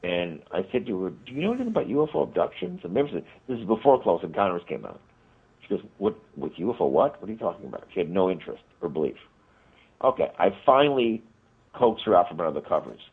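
A man's voice: low-pitched, husky. A man telling a long story as a radio guest, rambling with many restarts. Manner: rambling, frequent restarts, animated retelling. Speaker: guest, paranormal investigator and author. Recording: tinny phone line on radio.

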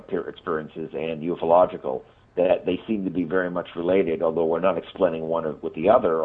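A paranormal investigator and author calls in as a radio guest, his low, husky voice coming through a tinny phone line. His long story is an animated ramble that keeps starting over.

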